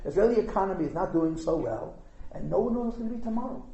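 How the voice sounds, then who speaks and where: A man teaching at an informal Hasidic gathering, an animated storyteller who fires rhetorical questions and chuckles at his own asides. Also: high voice, fast. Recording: echoey room.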